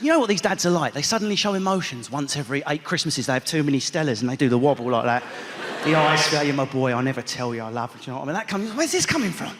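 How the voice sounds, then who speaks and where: A man telling a stand-up comedy story, animated and building to shouted punchlines. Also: on the high side, racing, a little hiss or hum. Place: large theatre stage. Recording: reverberant theatre hall with loud audience.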